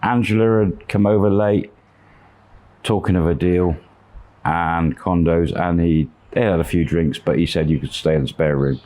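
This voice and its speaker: A man telling a long story in a relaxed, rambling way, with fillers and quoted dialogue. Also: deep voice, moderate pace, low-quality recording. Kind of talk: casual spoken storytelling.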